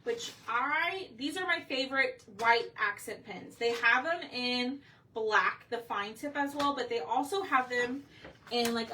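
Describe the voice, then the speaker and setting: A woman's voice: fairly high pitch, distant mic. A woman hosting a live craft stream, chatting casually and greeting viewers by name as she paints. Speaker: craft livestream host. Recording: faint room noise, somewhat off-mic.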